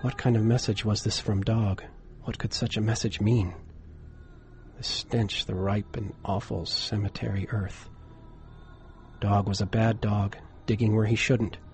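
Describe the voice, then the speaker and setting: A man narrating a horror story in a measured, dramatic way, dropping to a hush for suspense. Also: lowish voice, level tone, faint music behind.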